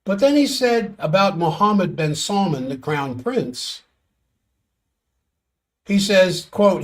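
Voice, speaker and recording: Man, fairly high voice, solo commentary, sardonic, exasperated. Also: expressive, takes it slowly, pauses often. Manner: exasperated, sardonic, reads out quotes. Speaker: commentator on world affairs. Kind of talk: solo political commentary stream.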